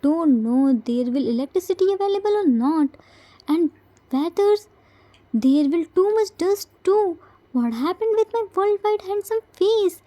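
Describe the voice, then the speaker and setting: A woman's voice: very high voice, expressive, a little slow, dark tone. A woman voicing a vain, dramatic grown man who complains theatrically.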